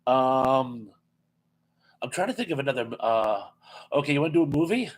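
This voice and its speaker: A man's voice: mid-range voice, expressive, moderate pace, low-quality recording. A man hosting a casual live-stream chat, reading viewer comments aloud with lots of ums and easy laughs. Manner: chatty, laughs easily, reads comments aloud with many fillers.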